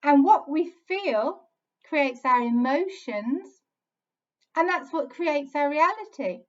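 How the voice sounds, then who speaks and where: A woman talks gently and earnestly about healing, repeating short phrases in a soothing way. Her voice sits a little high. The recording sounds dull and lo-fi. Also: animated, slow. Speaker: inner child healing coach. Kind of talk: earnest self-help talk.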